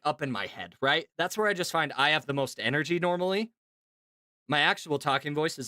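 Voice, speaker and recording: A man streaming casually to his chat, talking in an animated, chatty way with lots of fillers and laughs. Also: on the high side, brisk, no echo, clean studio sound. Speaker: streamer and voice actor.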